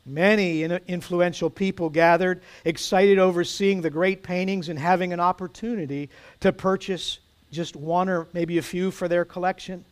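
A man preaching a sermon, telling a story with dramatic pauses and soft emphasis. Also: sits high, fairly even intonation, smooth.

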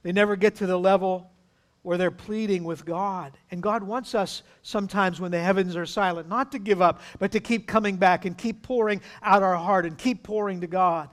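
Emphatic male pastor, high voice, preaching to a congregation. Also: steady tone, moderate pace. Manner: emphatic, acts out pleading voices. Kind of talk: sermon.

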